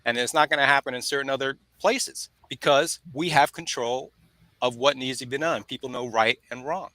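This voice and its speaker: A man's voice: mid-range voice, moderate pace, pushed and bright, dry recording, rough recording. A man co-hosting a podcast, talking bluntly and heatedly, often breaking off to apologize. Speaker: podcast co-host. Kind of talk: casual podcast chat.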